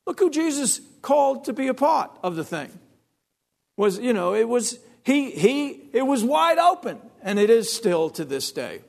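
A man's voice: extremely high pitch, big pitch swings, a little slow, vocal fry. A man preaching a sermon, emphatic, repeating phrases and restarting sentences.

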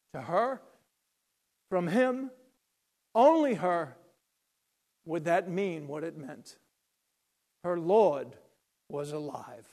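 A man preaching a sermon, retelling a scripture story dramatically, swinging from loud to hushed. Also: fairly high pitch, creaky.

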